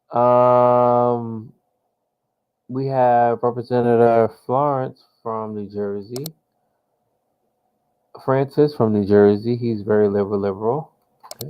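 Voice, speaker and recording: A man's voice: mid-range voice, dark tone, low-quality recording. A man giving casual live commentary while playing a political simulation game, thinking aloud with lots of fillers and restarts, and dropping slang like "yo". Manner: slang-heavy, exclaims "yo" often. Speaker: gamer playing a political sim.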